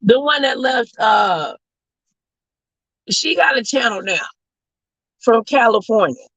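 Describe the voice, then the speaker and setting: Shouting, profane high-voiced woman ranting. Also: lively intonation, slow, breathy edge, no room sound, highs cut off. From West Coast of the US. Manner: profane, loud, sassy, often shouting. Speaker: host. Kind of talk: ranting commentary.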